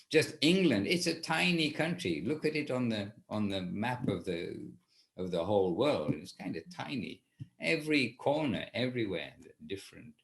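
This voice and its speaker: A man teaching an informal class, talking in a rambling way and often correcting himself. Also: on the low side. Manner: rambling, self-correcting, with restarts. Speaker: spiritual teacher leading a class.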